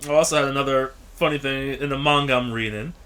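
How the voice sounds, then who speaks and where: A man's voice: medium pitch, steady tone, fast talker, a bit bright. A young man who teaches, co-hosting a casual podcast chat, laughing often and telling anecdotes with acted quotes. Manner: laughs a lot, tells stories with acted quotes.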